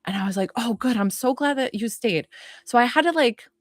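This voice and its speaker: A woman hosting a psychic livestream, chatting casually and excitedly, rambling and greeting viewers by name while still catching her breath. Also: fairly high pitch, brisk, no room sound, clean studio sound. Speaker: psychic medium livestream host.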